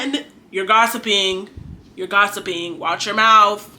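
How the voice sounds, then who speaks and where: Speaking at a moderate pace in a medium-pitched voice, a young adult woman sounds bright and forceful. She's a faith vlogger delivering a casual, preachy monologue, earnestly chatting with and exhorting her viewers.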